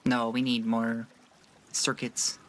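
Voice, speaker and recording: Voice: mid-range voice, completely flat delivery, slow, slight background noise. A streamer from rural Washington with a Seattle accent, chatting casually while playing a game and answering chat. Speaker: gaming streamer.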